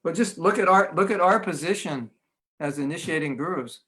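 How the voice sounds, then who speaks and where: A man's voice: a little high, fairly quick, a bit bright. An American man, a spiritual teacher, giving an online religious class in a humorous, anecdotal way with frequent chuckles. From United States.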